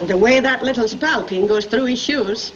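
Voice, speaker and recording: An actress playing a stern but loving old Irish grandmother with an Irish accent, scolding and brisk, in 1930s film acting. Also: a little high, close to an everyday voice. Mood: fussing. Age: older. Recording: hissy, muffled 1930s film soundtrack.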